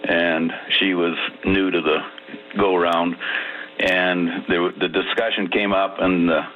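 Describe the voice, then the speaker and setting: A man's voice: deep voice, little pitch movement, measured pace, slight background noise. A man, calling in to a radio show and telling a story. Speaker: caller. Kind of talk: phoned-in storytelling. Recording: muffled phone line.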